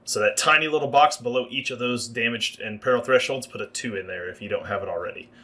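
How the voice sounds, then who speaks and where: A man's voice: medium pitch, fast talker, bright, forceful tone. A man narrating as game master for a livestreamed tabletop game, explaining the rules at length.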